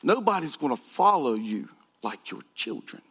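A man's voice: on the high side, big pitch swings, normal speed, a bit bright, breathy edge. A man preaching a sermon to his congregation, building emphasis through repetition.

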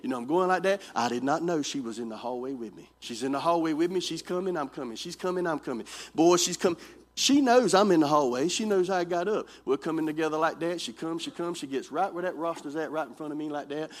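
A man's voice: on the high side, fast talker. A man preaching to young people, telling a story with lots of repetition and acting out the scenes. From North Carolina, US. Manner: animated, repetitive, acts out scenes.

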